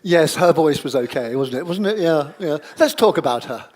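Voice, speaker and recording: A slightly high male voice at a moderate pace guides an improvisation exercise in a seminar room with a live audience. The workshop leader is energetic, encouraging people along and shouting out to the crowd.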